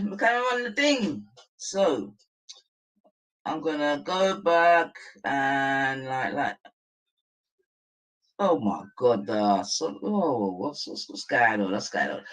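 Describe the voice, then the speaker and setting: A man's voice: high-pitched, bright, forceful tone, rough recording. A man chatting casually on a game stream, laid-back and slangy, laughing often.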